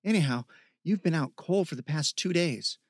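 A man voicing a laid-back young guy in an audiobook, joking and loyal, his voice sitting a little higher than the narrator's. He chats in a loose, slangy way, and the sound is dry and close. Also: lively intonation, moderate pace, slightly rough, no echo. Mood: casual. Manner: casual slangy banter.

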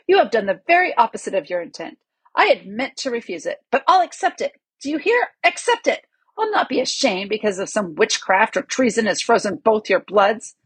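A woman's voice: medium pitch, husky, no echo. A woman voicing a blustering older male usurper king who roars at his lords in contempt. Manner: roaring, contemptuous.

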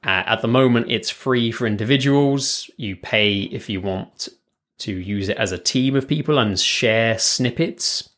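A man from the south of England with a southern English accent, co-hosting a casual tech chat over a remote call, chatty and quick to laugh, often correcting himself. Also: medium pitch, a bit bright. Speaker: podcast co-host. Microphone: remote call mic.

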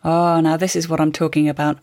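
Woman hosting a podcast, low voice, wry chatty narration. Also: level tone, fairly quick, a little mellow, no room sound, studio quality. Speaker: podcast host. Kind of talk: scripted narration and interview.

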